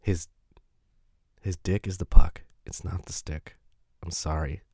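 A man hosting a casual solo podcast, rambling and profane as he laughs often. His voice sits low and sounds dry and close to the mic. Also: steady tone, measured pace, vocal fry, dark tone, breathy edge, no room sound. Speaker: podcast host.

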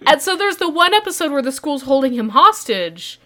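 A woman's voice: high-pitched, big pitch swings, brisk, sharp tone. A woman co-hosting a podcast in casual chat, retelling scenes and laughing often. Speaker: podcast co-host. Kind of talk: casual chat recapping an anime.

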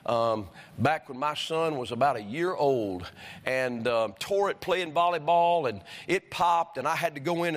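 A man's voice: a little high, fairly bright tone. A male pastor preaching in a church, telling homespun stories that build into fervent preaching. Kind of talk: sermon. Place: church sanctuary. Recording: long reverb of a church hall.

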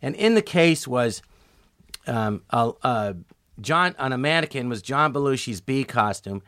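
Male comedian guest; lively anecdote teller who acts out quotes, bright and forward. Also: medium pitch, unhurried, no room sound, studio quality. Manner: animated, acts out quoted dialogue with many "I go"s. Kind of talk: storytelling in a podcast interview.

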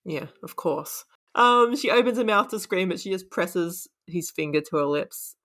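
A woman's voice: lowish voice, animated, moderate pace, a bit bright. A woman chatting casually about a book, laughing often and acting out the characters' lines. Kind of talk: casual chat retelling a book.

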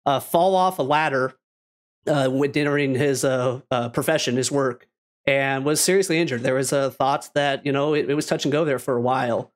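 A man's voice: medium pitch, moderate pace. A man hosting a podcast who talks in a rambling, enthusiastic way in casual chat. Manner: rambling, enthusiastic, many restarts. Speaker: podcast host.

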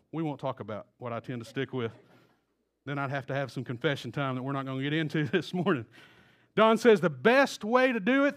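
Man, middle-aged, pastor, high voice, casual storytelling sermon. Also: fairly bright tone. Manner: casual storytelling with chuckles and restarts.

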